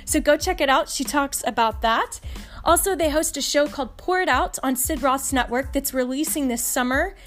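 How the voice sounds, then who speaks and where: High-voiced upbeat Texan woman host. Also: moderate pace, fairly bright tone, soft background music. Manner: enthusiastic, upbeat. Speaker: podcast host. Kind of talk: faith podcast interview.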